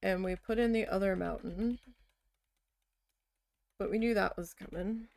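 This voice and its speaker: A woman crafting vlogger talks casually as she works and tells stories bluntly with frequent swearing. Her mid-pitched voice has plenty of gravelly fry. The sound is dry and close. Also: measured pace, a little mellow, dry recording. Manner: blunt, heavily profane storytelling. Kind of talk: casual storytelling chat while needle felting.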